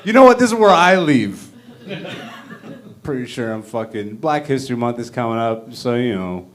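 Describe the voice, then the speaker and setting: A man's voice: mid-range voice, big pitch swings, normal speed. A man in his thirties doing a profane, brash stand-up comedy rant on a club stage. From Canada. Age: 30s.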